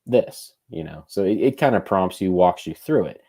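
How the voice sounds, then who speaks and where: A man's voice: low voice, animated, normal speed, dark tone. A man co-hosting a podcast, thinking aloud in loose, casual conversation. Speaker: podcast co-host.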